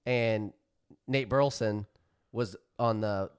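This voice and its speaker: A man's voice: lowish voice, slow, smooth. A man co-hosting a casual sports podcast, telling stories and laughing often. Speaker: podcast co-host.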